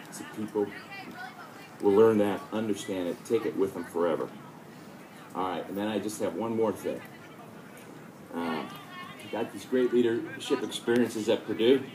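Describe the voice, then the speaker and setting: A man's voice: lowish voice, echoey room, a little hiss or hum, low-quality recording. A middle-aged man giving a speech to an audience, telling a story and acting out the quotes. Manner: storytelling with lively acted-out quotes. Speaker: speaker.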